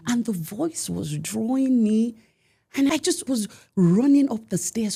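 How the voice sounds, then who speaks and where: A woman's voice: mid-range voice, moderate pace, vocal fry, dark tone, breathy edge. A woman telling a personal story in a podcast conversation, speaking emphatically and repeating key phrases for effect. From United States. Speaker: podcast guest.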